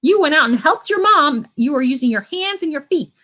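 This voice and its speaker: A woman leading an online children's church lesson at home, gently asking the kids questions and encouraging them. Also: high voice, animated, brisk.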